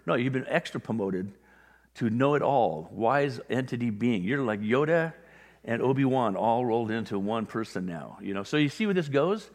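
A man's voice: medium pitch, animated, normal speed. A man preaching a sermon in a conversational way, briefly acting out the voices of people he describes. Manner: conversational, acts out little quoted voices. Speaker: pastor. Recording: long hall reverb.

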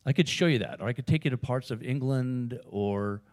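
A man's voice: mid-range voice, normal speed, darkish tone. A man with an American accent preaching a sermon in a conversational, storytelling way, with frequent fillers and asides. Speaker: pastor.

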